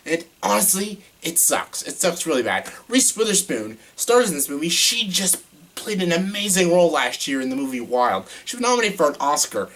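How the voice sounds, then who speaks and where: A man's voice: on the high side, big pitch swings, moderate pace, a bit bright. A young man giving a casual movie review, exasperated and ranting, with lots of "like" and frequent swearing. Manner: exasperated ranting, heavy use of "like", swears often.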